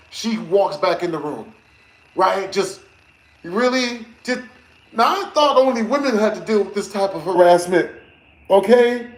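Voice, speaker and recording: High-voiced slangy male streamer. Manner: slangy, rambling, animated, laughs often. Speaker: live streamer. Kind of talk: casual storytelling to live chat. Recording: roomy echo.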